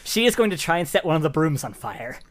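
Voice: mid-range voice, very animated, fast talker. A player in a tabletop role-playing game, talking hesitantly with lots of fillers and giggles. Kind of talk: casual tabletop play.

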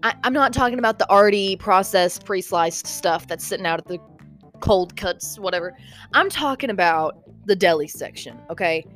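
A woman's voice: mid-range voice, moderate pace, faint music behind. A young woman, rambling animatedly in a casual vlog and sounding a bit out of breath. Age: young adult. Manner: animated, rambling, lots of "okay?" and "like". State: slightly out of breath. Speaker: vlogger.

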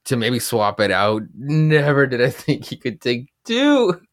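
A man's voice: medium pitch, sing-song, measured pace, no room sound, clean studio sound. A man co-hosting a podcast in a laid-back casual chat, swearing casually. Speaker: podcast co-host. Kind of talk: casual comic book chat.

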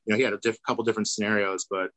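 A man's voice: lowish voice, level tone, rapid-fire, pushed and bright, no room sound, poor audio. A man, a former tour manager, telling a long story on a video call and acting out the voices of the people in it. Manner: rambling, acts out quoted voices. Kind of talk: casual storytelling.

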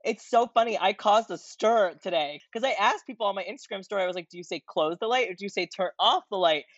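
A woman guest who makes comedy videos, talking in a relaxed, rambling way. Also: medium pitch, fast talker, no room sound. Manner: relaxed, rambling, many fillers. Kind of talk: casual interview chat. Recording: dull dry remote audio.

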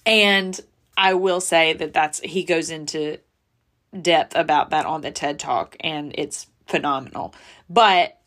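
A woman's voice: low voice, slow pace, fairly bright tone. A woman, hosting a podcast and speaking candidly and emotionally about personal struggles, close to tears at times. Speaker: podcast host. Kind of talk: personal confessional podcast talk.

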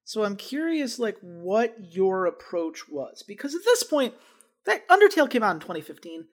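A man's voice: high-pitched, big pitch swings, moderate pace. A man co-hosting a gaming podcast, chatting casually with dry, sarcastic asides. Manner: wry, sarcastic. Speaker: podcast co-host. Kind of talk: casual chat.

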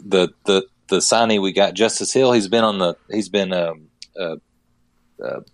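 A man talking casually on a sports podcast, rambling and halting, with many restarts. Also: sits low, no room sound. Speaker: podcast co-host.

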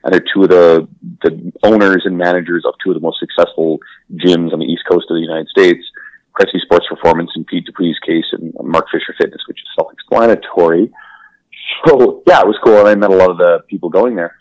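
Deep-voiced laughing podcast host. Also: male voice, steady tone, brisk, darkish tone, no room sound, poor audio. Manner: laughing, enthusiastic, swears freely. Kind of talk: casual chat.

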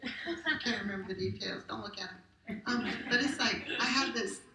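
A woman's voice: medium pitch, moderate pace, gravelly, pushed and bright. A middle-aged woman pastor giving a conversational, emphatic sermon full of rhetorical questions. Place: church sanctuary. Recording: roomy hall captured from a distance.

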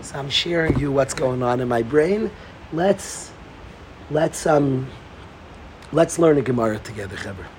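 A middle-aged man giving an informal Torah talk to a group, excitable and repetitive, often restarting his sentences. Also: medium pitch, measured pace, pauses often, noisy background. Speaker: Torah teacher.

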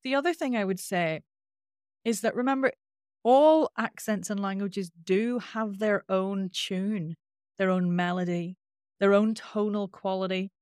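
A woman with a Northern Irish accent and a nasal twang, a voice coach explaining things in an interview with lively demonstrations. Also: medium pitch, measured pace, clean tone, dry recording, clean studio sound. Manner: animated, demonstrates with sung-out sounds.

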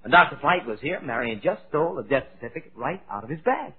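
A man's voice: a little high, lively intonation, fast, a little hiss or hum. An actor playing a cheerful, scheming male ghost who coaxes eagerly and stammers, in 1940s radio comedy style. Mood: coaxing. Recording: tinny old radio broadcast.

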